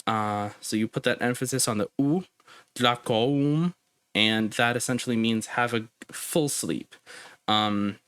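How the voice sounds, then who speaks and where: A young man gives a relaxed language lesson, hesitating often and drawing out each foreign phrase syllable by syllable. His voice is smooth and clear. The recording is close and dry, with no room sound. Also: fairly low pitch, no room sound. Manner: halting, with many ums and uhs; slows down to spell out phrases. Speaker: language teacher.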